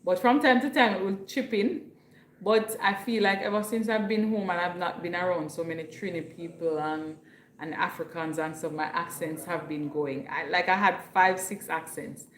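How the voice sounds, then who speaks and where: A woman's voice: on the low side, steady tone, normal speed, reverberant, a little hiss or hum. A woman from Jamaica with a Jamaican accent, hosting a casual livestream at home and chatting with viewers while reading their comments aloud. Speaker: livestream host.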